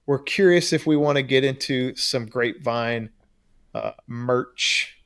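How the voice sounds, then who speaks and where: A man with an ordinary mid-range voice co-hosts a relaxed podcast. He rambles easily, restarts his sentences and often breaks into laughter. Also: mid-range voice, measured pace, clean tone. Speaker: podcast co-host. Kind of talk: casual chat.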